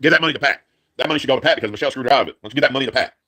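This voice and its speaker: A man tearing through a furious, profane rant at breakneck speed. He curses constantly, circles back to the same complaints, and never slows down. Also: medium pitch, sharp tone. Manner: profane, heated, repetitive. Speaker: live streamer. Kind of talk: angry rant.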